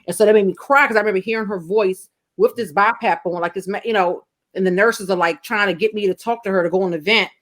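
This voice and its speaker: A woman's voice: mid-range voice, quick pace, few pauses. A middle-aged woman in casual podcast chat, telling a personal story candidly and emotionally, with frequent swearing. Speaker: podcast guest co-host.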